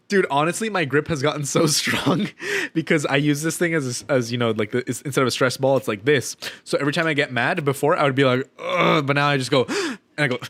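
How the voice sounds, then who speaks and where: A young man co-hosting a casual podcast, telling profane, animated stories about annoying customers. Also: fairly high pitch. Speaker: podcast co-host. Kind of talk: casual chat, storytelling.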